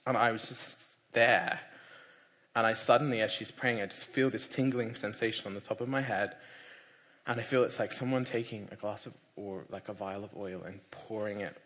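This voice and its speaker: A young man giving a personal testimony, animated, laughing often and acting out other people's voices. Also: on the low side, moderate pace, big-room sound. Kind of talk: personal conversion storytelling.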